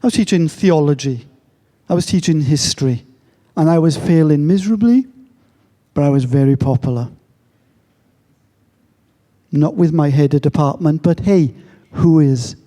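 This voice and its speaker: An Englishman gives a conference talk in a large hall, telling a story laced with self-mocking jokes. His voice is fairly high yet dark in tone, at a moderate pace. Long hall reverb colors the recording.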